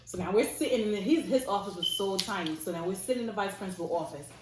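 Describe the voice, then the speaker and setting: Animated woman telling a story. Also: mid-range voice, fast. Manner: animated, acts out quotes, laughs often. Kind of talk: casual storytime chat. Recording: echoey room with faint noise.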